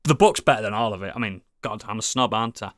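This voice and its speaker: A man's voice: fairly low pitch, quick pace, dry recording, clean studio sound. A British man co-hosting a casual podcast, rambling enthusiastically with lots of swearing and restarts. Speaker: podcast co-host. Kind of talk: casual chat.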